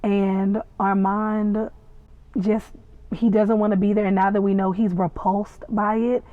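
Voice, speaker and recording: Slow-talking woman, tinny dry sound. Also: mid-range voice, flat delivery, dry recording. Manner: gushing, chatty, playful asides. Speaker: podcast host reviewing a TV episode. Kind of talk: casual recap and reaction.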